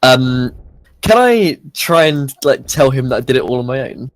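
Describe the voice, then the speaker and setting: Mid-pitched male player, casual and hesitant, dry close sound. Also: lively intonation, normal speed, dry recording. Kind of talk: tabletop role-play.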